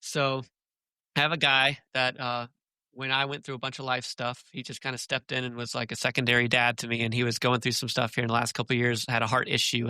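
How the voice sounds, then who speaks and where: A man, a podcast guest, talking casually and telling animated stories. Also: mid-range voice, clear, resonant tone, no echo. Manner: chatty storyteller, animated and laughing.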